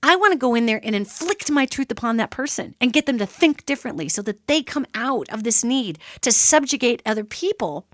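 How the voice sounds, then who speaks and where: Speaking a little fast with few pauses, a woman with a fairly high voice is heard in a dry recording. As sole host of a radio talk show, she addresses her audience directly and explains ideas with animated, emphatic, conversational energy.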